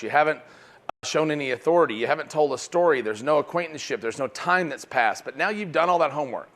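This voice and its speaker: A man teaching sales at a live seminar in front of an audience. He talks in an animated way and keeps checking in with "right?". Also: on the high side. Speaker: sales trainer.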